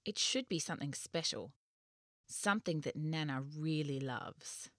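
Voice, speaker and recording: A woman voicing an eager, excited young girl in a storybook reading. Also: sits low, no echo, clean studio sound. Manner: eager, quick to plan.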